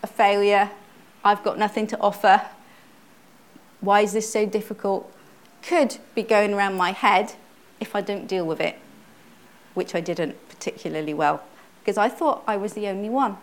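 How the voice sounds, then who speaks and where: A middle-aged woman shares her testimony from the pulpit in an earnest, conversational way. Her voice sits at an ordinary middle pitch, and she often stumbles and restarts a phrase before pressing on. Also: normal speed. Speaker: church speaker, pastor's wife. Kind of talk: personal testimony sermon.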